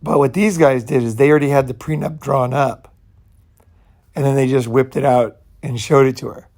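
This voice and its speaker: Speaking at a moderate pace with fairly even intonation, this channel host has a medium-pitched, darkish voice. His casual monologue rambles, peppered with "you know" and "right," and he's blunt, occasionally swearing.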